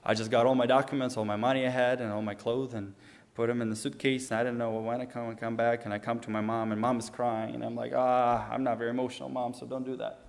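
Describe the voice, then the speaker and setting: A fast talker with a medium pitch and little pitch movement, the young Ukrainian man recounts a personal testimony. His delivery is earnest and casual, marked by frequent restarts and acted-out quotes.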